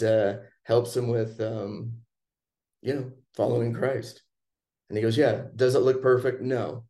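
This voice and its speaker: A man casually telling a personal story in conversation, relaxed and chatty, acting out what people said. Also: mid-range voice. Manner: relaxed, chatty, acts out quoted lines.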